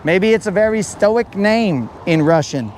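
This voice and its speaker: A man's voice: sits high, expressive, unhurried, darkish tone, slight background noise. A man hosting a fishing livestream outdoors by a shoreline, rambling and joking with his chat in a casual way. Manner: rambling, jokey, talks to chat as bros. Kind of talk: casual live-stream chat while fishing. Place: outdoors by a riprap shoreline near a road.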